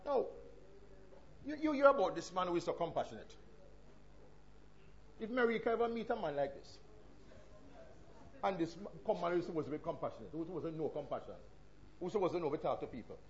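A man with a Jamaican accent preaching a sermon, swinging between loud emphatic passages and hushed asides. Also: a little high, animated, brisk, pauses often, muffled recording.

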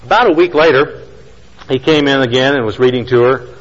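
A man preaching a sermon, telling a story with emphatic lines and slow, quiet stresses. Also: mid-range voice, big-room sound, lo-fi sound. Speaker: pastor.

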